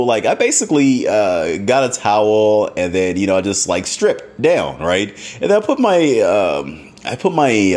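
A man telling a story to his viewers in a casual, animated way, swearing freely and often laughing. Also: low-pitched.

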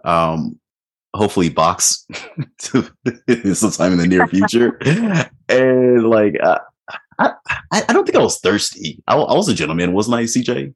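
A man's voice: fairly low pitch, sing-song, moderate pace. A man hosting a podcast in a casual, laid-back chat, chuckling often and talking with lots of fillers. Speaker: podcast host.

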